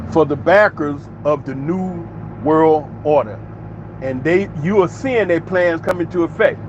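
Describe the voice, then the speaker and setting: A man's voice: fairly high pitch, highs cut off, slight background noise. A man giving an opinionated commentary monologue in an emphatic, preachy way, with many rhetorical questions. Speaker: commentary channel host.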